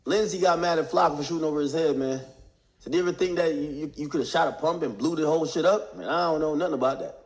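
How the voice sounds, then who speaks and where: High-pitched man, casual street-slang commentator, animated retelling of testimony. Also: fast. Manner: animated slang-heavy retelling, acting out quotes. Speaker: commentator recapping court testimony.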